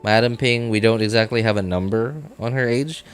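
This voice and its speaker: A man's voice: fairly low pitch, fairly even intonation, brisk, clear, resonant tone, faint music behind. A man chatting casually on a gaming live stream, rambling and self-deprecating, full of fillers like "like" and "uh". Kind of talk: casual live-stream chat while playing.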